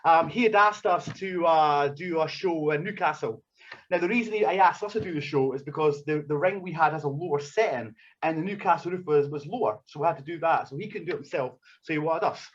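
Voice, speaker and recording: As a podcast guest, a wrestler animatedly acts out a profane anecdote, swearing a lot along the way. His voice is on the high side and a little fast, and the audio sounds dull.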